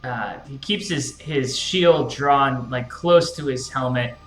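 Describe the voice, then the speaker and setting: Male player, bright voice, hesitant descriptive narration, roomy call audio. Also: mid-range voice, slow pace, faint music behind. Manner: hesitant, filler-heavy narration. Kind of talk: describing his character's actions in a tabletop game.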